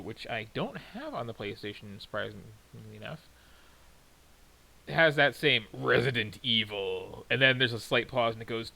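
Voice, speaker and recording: A man's voice: medium pitch, vocal fry, pushed and bright, poor audio. A man giving rambling, wry and self-deprecating commentary while streaming a video game. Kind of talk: casual gameplay commentary. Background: game music.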